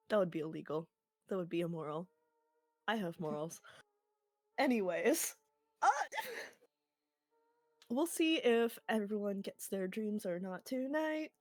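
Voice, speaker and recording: A woman's voice: medium pitch, dry recording. Giggly woman game master, dry sound. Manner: giggly, quick asides. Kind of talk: recapping and running a tabletop game.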